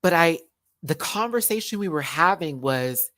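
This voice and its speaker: A man's voice: fairly high pitch, expressive, normal speed, pushed and bright, no room sound. A young man hosting his own livestream, talking heartfelt and rambling to viewers while emotional and near tears, often repeating and restarting words. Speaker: YouTuber host.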